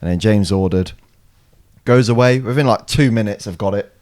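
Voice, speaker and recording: A young man, co-hosting a casual podcast and telling animated stories with plenty of swearing and laughter. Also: on the low side, normal speed. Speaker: podcast co-host. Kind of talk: casual chat.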